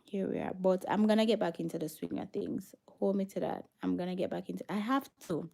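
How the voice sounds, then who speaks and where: Jamaican lady vlogging live, talks to her viewers, drops into patois, warm raspy-ish voice. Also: lowish voice, fairly quick. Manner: chatty, slipping into Jamaican patois. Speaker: vlogger hosting a livestream. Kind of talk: casual livestream chat, reading viewer comments.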